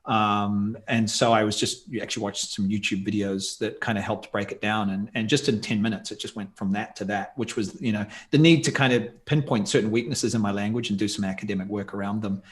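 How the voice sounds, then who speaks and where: A man's voice: lowish voice, fairly even intonation, a little fast, hardly any pauses. Thoughtful rambling man, podcast guest. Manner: thoughtful, rambling, full of asides. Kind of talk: casual interview talk.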